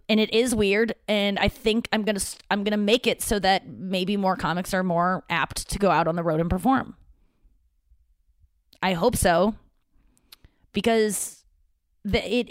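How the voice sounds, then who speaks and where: This stand-up comedian and podcast host, a woman from the St. Louis area, tells a meandering, foul-mouthed story from her home office and performs other people's lines herself. She speaks in a mid-range voice. The audio is studio quality with no room sound.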